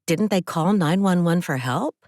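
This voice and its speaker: A woman voicing a prying female questioner in an audiobook, pressing with brisk questions. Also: lowish voice, animated, darkish tone, no echo, clean studio sound, natural voice. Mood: probing. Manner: probing questions.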